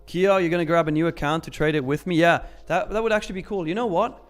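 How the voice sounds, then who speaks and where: A man's voice: a little high, quick pace, faint music behind. A young man hosting a live trading stream, chatting casually and upbeat as he reads viewer comments, laughing often and using slang.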